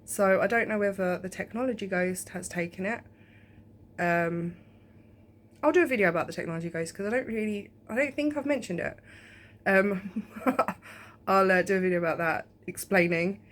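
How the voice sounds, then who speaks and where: A woman's voice: medium pitch, moderate pace. Rambling woman vlogging at home. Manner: rambling, chatty, many ums. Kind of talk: casual home vlog chat. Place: home, indoors.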